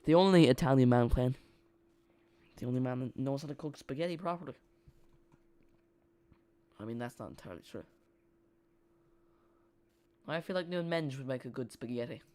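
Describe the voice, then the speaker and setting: A man's voice: medium pitch, animated, a little fast, long pauses, darkish tone. A man hosting a live football watch-along, rambling and joking with his chat while calling the play.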